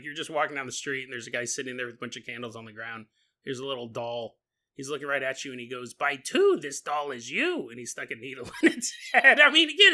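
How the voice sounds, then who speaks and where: High, bright-voiced jokey podcast man. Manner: jokey, laughs often, riffs while reading aloud; mock-dramatic voices for imagined people. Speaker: podcast host. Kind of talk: comedic podcast monologue.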